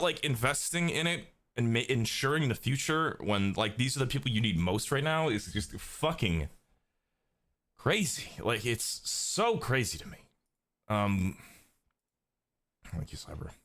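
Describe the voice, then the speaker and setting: A man with a low voice, a bit raspy because he is sick, talks to his stream audience. His frustrated commentary is full of swearing and keeps climbing into heated outbursts. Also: sing-song, moderate pace, fairly bright tone.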